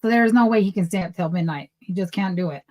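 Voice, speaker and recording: A woman's voice: on the low side, fast, rough recording. A young woman co-hosting a casual chat, telling stories animatedly and acting out the dialogue she reports. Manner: animated storytelling, acts out quoted dialogue. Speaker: podcast co-host.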